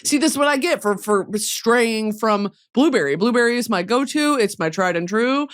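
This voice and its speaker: A woman's voice: on the high side, animated, normal speed. A young woman hosting a comedy podcast, dramatic and swinging between mock outrage and giggles. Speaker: podcast host. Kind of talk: comedic chat.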